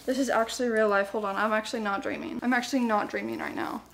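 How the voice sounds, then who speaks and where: A woman YouTuber talking in a casual vlog, excitable and gushing, full of exclamations. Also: a little high, fast, a little hiss or hum.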